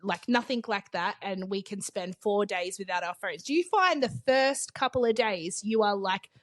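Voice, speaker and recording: Animated woman with a dry close sound. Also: medium pitch, moderate pace, no echo. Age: 20s. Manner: agreeable, laughs a lot. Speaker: podcast co-host. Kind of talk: casual chat.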